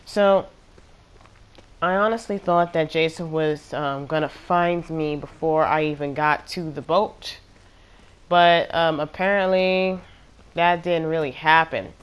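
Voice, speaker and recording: Woman talking over her game clips, kinda low voice, rambly and fed up, chatty. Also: fairly even intonation, slow pace, clear, resonant tone. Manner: chatty, exasperated, rambling with fillers. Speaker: gaming channel host. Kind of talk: casual gameplay commentary.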